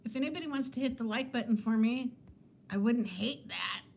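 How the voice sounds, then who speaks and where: A weight-loss vlogger in her fifties chats casually and ramblingly with viewers on a livestream, laughing often. Her voice is fairly high, fairly quick and has vocal fry, and the audio has its highs cut off plus a little hiss or hum.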